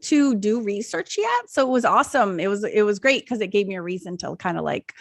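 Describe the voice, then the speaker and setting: A middle-aged woman co-hosting a podcast in casual chat, rambling and animated with many restarts. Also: mid-range voice, fairly quick, no echo, studio quality. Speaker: podcast co-host.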